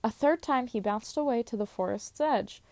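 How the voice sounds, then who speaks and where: Young woman, casual storyteller, fairly high voice, dry close sound, slips and cusses in asides. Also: moderate pace, a little mellow, no echo. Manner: stumbles and laughs at own slips, swears in asides. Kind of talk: casual reading of old stories aloud.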